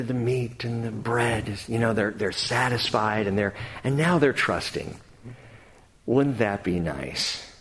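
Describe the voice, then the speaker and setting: Animated preacher man in a reverberant hall. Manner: animated preaching, rising to near-shouts then dropping low. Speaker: pastor. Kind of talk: sermon.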